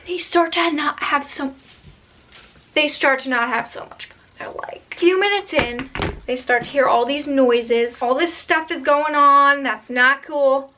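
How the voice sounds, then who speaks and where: Chatty high-voiced woman telling a scary story. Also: measured pace, noisy background. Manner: chatty, animated, slangy asides. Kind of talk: casual storytime narration.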